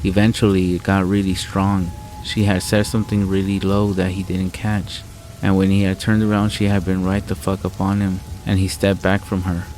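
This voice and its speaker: A man reads a scary story aloud in a calm, deadpan, measured way. His voice sits very low and barely moves in pitch. Soft music plays faintly under the rain behind him. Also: low-quality recording. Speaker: horror story narrator. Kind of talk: scripted narration.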